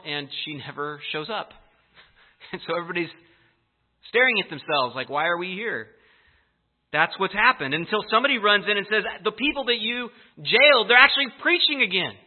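A man with a fairly high voice preaches a sermon, telling the story in a lively, emphatic way. The sound is thin and tinny, like it was caught over a phone line. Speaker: pastor.

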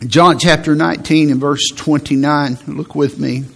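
A man's voice: fairly high pitch, steady tone, normal speed, vocal fry, a bit bright. A male pastor preaching a sermon, emphatic, repeating phrases and restarting as he builds a point.

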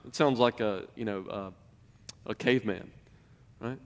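A man's voice: sits high, very animated, normal speed, pauses often. Preaching man in a reverberant hall. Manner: emphatic, rising and falling in volume, addresses the congregation with questions. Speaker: pastor. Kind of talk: sermon.

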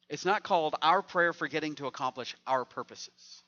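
A man's voice: fairly high pitch, moderate pace, bright, forceful tone, highs cut off. A man preaching a sermon as pastor, conversational and joking with the congregation.

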